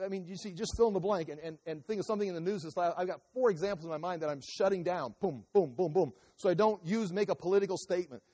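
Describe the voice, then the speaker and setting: High-voiced man preaching in a hall. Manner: animated preaching with sudden shifts from loud to quiet. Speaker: pastor. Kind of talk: sermon.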